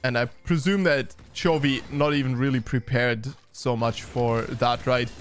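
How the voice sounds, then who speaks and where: A man giving casual esports review commentary, loose and chatty with many fillers and restarts, turning brisk for play-by-play. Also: medium pitch, steady tone, slight background noise. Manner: turns brisk during play-by-play.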